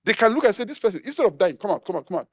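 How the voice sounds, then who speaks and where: A middle-aged man from Nigeria, a pastor preaching a humorous, animated sermon and acting out quoted voices. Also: sits high, very fast.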